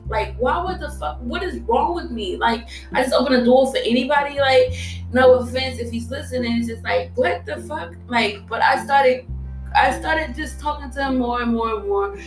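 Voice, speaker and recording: A young woman hosting a storytelling piece recounts a candid personal story, speaking bluntly and emotionally, swearing and laughing often. Her voice sits high with a fairly bright tone. She's recorded in an echoey room, far from the mic.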